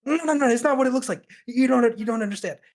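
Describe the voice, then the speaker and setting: A man voicing a jumpy, cowardly masked dwarf rogue who pleads in a high, panicky voice. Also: fast talker. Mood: panicked.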